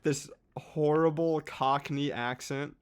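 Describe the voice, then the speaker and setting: An eager man with a slightly higher voice rambles happily through a long explanation. He speaks casually, often trips over his words and restarts, and clearly loves the subject. The tone is loose and conversational, like a podcast chat between friends. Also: slow pace. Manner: excited, rambling, hesitant restarts. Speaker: podcast co-host.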